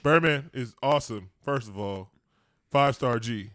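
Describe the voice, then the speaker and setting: A man co-hosting a laid-back podcast chat, loose and slangy, with a habit of laughing between stories. His voice sits at an ordinary pitch, and the room is dead and close-miked. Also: normal speed, a bit bright, clean tone, no echo. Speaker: podcast co-host. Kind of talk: casual chat.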